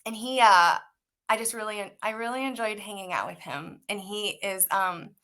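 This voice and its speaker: A young woman, an actress, telling animated stories from set in a casual interview, full of "like" and acted-out quotes. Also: mid-range voice, moderate pace. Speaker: actress guest.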